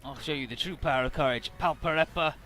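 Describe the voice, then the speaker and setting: A man doing a fiery young game hero, raised high and loud, defiant and straining. His voice is bright and lively, and soft game music plays behind it. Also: fast talker.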